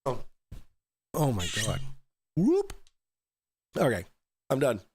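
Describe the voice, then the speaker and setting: A man's voice: mid-range voice, huge pitch swings, slow, darkish tone, slight background noise. A man hosting a talk show, ranting profanely and mockingly, taking shots as he goes. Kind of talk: ranting commentary.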